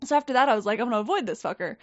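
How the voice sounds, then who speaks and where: A woman telling a story in casual chat, animated and swearing, acting out quoted people. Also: a little high, racing, no echo. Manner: animated, profane, quotes people in lively voices. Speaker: podcast guest. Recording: dull, dry podcast mic.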